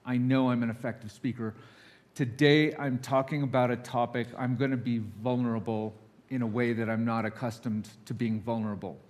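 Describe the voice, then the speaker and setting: A man's voice: medium pitch, steady tone, a little fast, a little mellow. Nervous man giving a candid sermon. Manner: candid, confessional, acts out quoted voices. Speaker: guest speaker. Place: church sanctuary.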